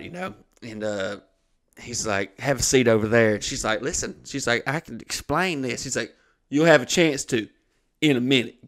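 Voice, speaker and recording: A man, hosting a comedy podcast and telling a long story, swearing freely and acting out the other people in it. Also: mid-range voice. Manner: profane, animated storytelling with acted-out voices. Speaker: comedian host.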